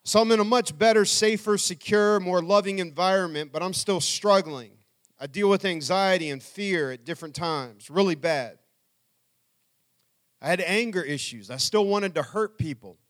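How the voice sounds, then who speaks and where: A man's voice: high-pitched, normal speed, a bit bright. A middle-aged man telling his life story to an audience as a speaker, earnestly acting out what people said. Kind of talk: personal testimony talk.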